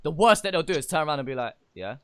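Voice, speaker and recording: A man's voice: a little high, expressive, very fast, clean tone, no echo, clean studio sound. A young man with a London accent, chatting casually as a podcast guest and acting out quotes in funny voices. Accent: London English. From England. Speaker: podcast guest, upcoming artist.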